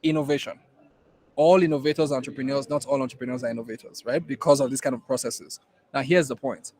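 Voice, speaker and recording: The low-quality recording captures a fast-talking man with a Nigerian accent, his mid-range voice steady and darkish in tone. As an innovation program instructor lecturing a class, he stresses and repeats the main points emphatically.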